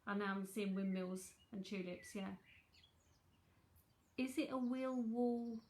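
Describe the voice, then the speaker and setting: A woman's voice: mid-range voice, takes it slowly, a little mellow. A woman with a London accent giving a chatty live psychic tarot reading from home, repeating herself as she talks to viewers.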